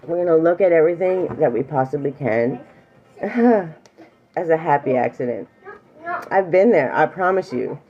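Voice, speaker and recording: A middle-aged woman with a low voice and lively intonation speaks a little slowly, the audio sounding dull. She teaches emotional awareness casually and earnestly, reassuring a single viewer with warmth and at times almost crying.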